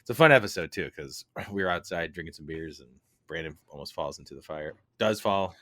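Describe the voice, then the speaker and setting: A man co-hosting a podcast, chatting in a relaxed, rambling way and laughing easily. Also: rumbling low, brisk, dry recording. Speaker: podcast co-host. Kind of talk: casual chat.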